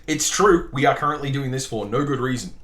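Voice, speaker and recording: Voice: mid-range voice, a little fast, fairly bright tone. A let's play host giving casual, wry game commentary and reading game text aloud. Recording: roomy echo.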